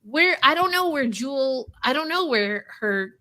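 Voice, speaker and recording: A woman co-hosting a sports podcast, with a high, bright voice. She talks in an animated, emphatic and playful way, leaning hard on her points. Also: a little slow. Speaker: podcast co-host. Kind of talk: casual sports chat.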